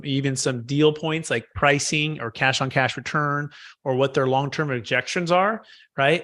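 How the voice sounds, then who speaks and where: A man's voice: on the high side, creaky, sharp tone. A man leading a live sales training session, coaching trainees and repeating key phrases.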